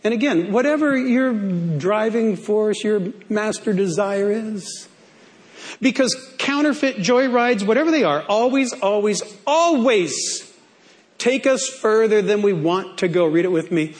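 A man's voice: sits high, animated, a little slow. A male pastor preaching a sermon in a playful way, stretching key words out for emphasis.

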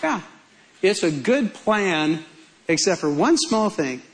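A man's voice: sits high, very animated, takes it slowly, low-quality recording. A male pastor preaching a sermon in a humorous, conversational way.

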